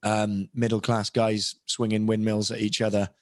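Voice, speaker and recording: A man's voice: on the low side, level tone, normal speed, darkish tone, no echo, clean studio sound. A young British man, a voice actor guest on a podcast, talking candidly in a casual interview with many restarts and asides. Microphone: podcast microphone.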